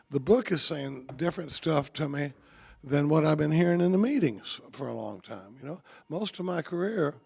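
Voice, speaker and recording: A man, giving a folksy, joking recovery talk at a podium, halting often and restarting his sentences. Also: mid-range voice, vocal fry, darkish tone, husky. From Texas. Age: 50s. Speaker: AA convention speaker.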